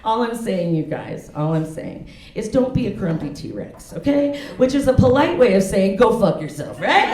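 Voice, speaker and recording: A woman's voice: on the high side, wildly swooping pitch, slow, noisy background. A woman in her forties doing a stand-up comedy set in a comedy club, talking frankly and laughing at her own jokes. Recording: echoey club with loud crowd. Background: audience laughter.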